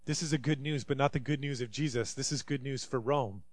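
A man's voice: medium pitch, a little fast, no echo. A man preaching a sermon, reading scripture aloud and acting out the people in it. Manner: reads scripture aloud and voices quoted speakers dramatically. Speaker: pastor.

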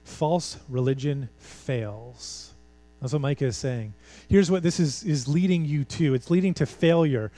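A man's voice: on the high side, a little slow, dark tone. A man preaching a sermon in a church, talking conversationally, pressing his points with emphasis and rhetorical questions. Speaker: pastor.

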